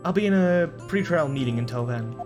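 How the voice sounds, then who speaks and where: Man reading calm lady lawyer lines, soft and even, game music on. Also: mid-range voice, fairly quick, natural voice. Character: calm young woman lawyer, gentle and composed.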